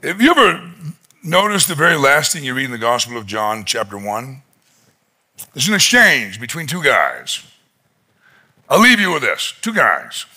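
A man preaching a conference sermon, retelling a story dramatically and acting out its voices, rising to shouts at its peaks. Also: medium pitch, wildly swooping pitch, normal speed, pauses often, husky. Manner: shouts in climactic moments. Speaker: pastor. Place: conference hall.

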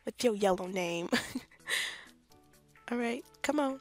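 This gaming YouTuber, a young woman with an animated mid-range voice, talks unhurriedly and leaves long pauses while soft music plays in the background. Recording in her bedroom at home, she chats casually about her gameplay, often laughing and making fun of herself.

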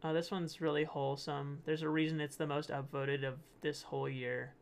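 A man's voice: on the high side, level tone, normal speed, smooth. A young man hosting his channel, rambling casually through posts, laughing often and stumbling over words. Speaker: channel host. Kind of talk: casual commentary reading posts.

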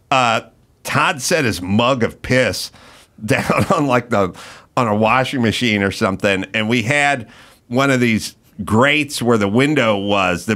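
A middle-aged podcast host tells rambling, profane stories with mock outrage in a casual chat. His mid-range voice sounds pushed and bright.

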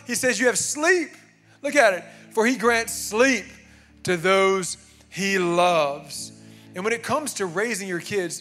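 A man's voice: sits high, fairly bright tone. Emphatic man preaching a sermon. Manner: emphatic, conversational preaching with frequent "amen" and "man". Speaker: pastor. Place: church sanctuary.

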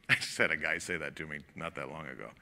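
Bright-voiced joking pastor preaching. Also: male voice, a bass voice, gravelly. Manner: folksy, joking, laughs often, acts out quotes. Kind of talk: sermon.

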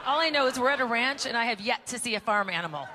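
A woman's voice: on the high side, lively intonation, quick pace. A woman emceeing a conference, joking and poking fun at herself before an audience. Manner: joking, self-mocking. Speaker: event emcee. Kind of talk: stand-up style stage hosting. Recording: live event with crowd and noise.

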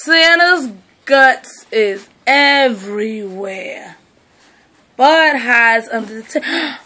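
A woman's voice: on the high side, animated, very slow, bright, forceful tone. A woman filming her dog at home on a phone, mock-mourning a chewed toy and scolding the dog with theatrical drama. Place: at home indoors.

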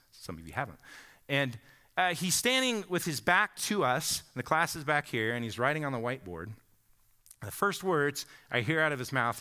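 Man, 40s, pastor, sermon, conversational storytelling, lively rising and falling pitch. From Bend, Oregon. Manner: conversational storytelling, often asks the congregation "right?".

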